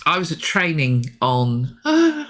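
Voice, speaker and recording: A woman co-hosting a rugby podcast, chatting excitedly and rambling with lots of fillers. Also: deep voice, slow pace. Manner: enthusiastic, rambling with many fillers. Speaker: podcast co-host and rugby photographer. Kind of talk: excited casual chat about rugby.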